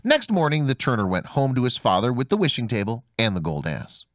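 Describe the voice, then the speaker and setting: A man narrating a fairy tale as an audiobook, reading with a very animated delivery and big pitch swings on the dialogue. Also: brisk, no echo, clean studio sound. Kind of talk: storybook narration.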